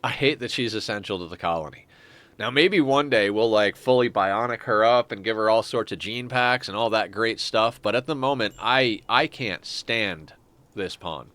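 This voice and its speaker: A man with a low, bright voice talks through a strategy game on stream. He thinks aloud, trailing off and restarting his sentences as he weighs each decision. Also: normal speed, no room sound. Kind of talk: casual gameplay commentary.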